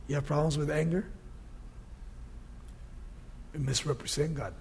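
A male pastor preaching a sermon, swinging from loud, emphatic scripture reading to quiet, conversational asides. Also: fairly high pitch, steady tone, measured pace, pauses often, slightly rough.

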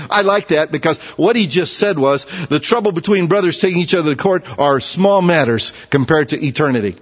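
A man's voice: a little high, lively intonation, moderate pace. A man preaching a sermon as pastor, conversational, with rhetorical questions and repeated words. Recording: dull, echoey church hall recording.

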